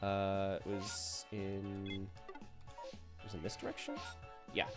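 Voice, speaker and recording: A man's voice: low-pitched, completely flat delivery, slow pace, loud music behind the voice. Joking man streaming a game. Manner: chatty, joking, talks to the game characters. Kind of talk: casual gameplay commentary.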